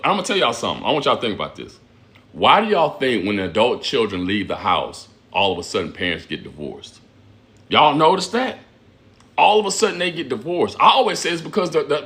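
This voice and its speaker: A man's voice: a little high, sharp tone. A man hosting a live stream, reading chat comments aloud in blunt, profane casual talk and repeating himself a lot.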